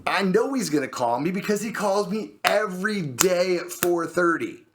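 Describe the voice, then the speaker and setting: A man hosting a show, telling a true personal story in a lively way and acting out the voices of the people in it. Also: high voice, normal speed, background noise. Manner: animated, acts out the people in his story. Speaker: host. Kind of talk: storytelling monologue.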